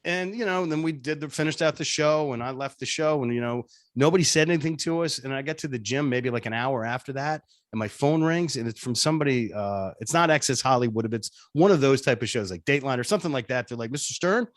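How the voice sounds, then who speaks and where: A radio personality being interviewed, telling a story casually and acting out the dialogue in voices. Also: male voice, mid-range voice, fast talker, hardly any pauses, no echo, studio quality. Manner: animated, laughing, acts out dialogue in voices. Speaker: radio show personality, guest.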